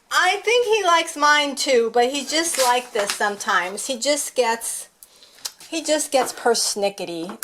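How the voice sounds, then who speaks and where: A woman's voice: a little high, a bit bright, slight background noise. Chatty woman training her dog at home. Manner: chatty, talks to the dog and voices his thoughts. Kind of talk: casual training demonstration.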